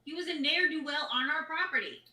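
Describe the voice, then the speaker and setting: A woman playing at a tabletop game, quick and joking. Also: sits high, bright, forceful tone. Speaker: player. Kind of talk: casual tabletop play. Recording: echoey room, voice far from mic.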